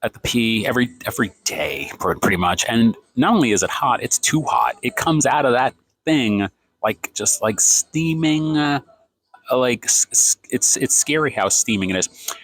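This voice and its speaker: A man's voice: medium pitch, expressive, normal speed, fairly bright tone, no room sound. A man in his fifties ranting sarcastically in a vlog, filming himself on a phone in a café. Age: 50s. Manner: exasperated, sarcastic, rambling. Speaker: vlogger. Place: café, indoors.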